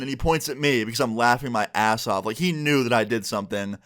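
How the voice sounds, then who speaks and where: A young man vlogging a storytime, telling it in a lively, animated way with swearing. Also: medium pitch, fast talker. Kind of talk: storytime vlog.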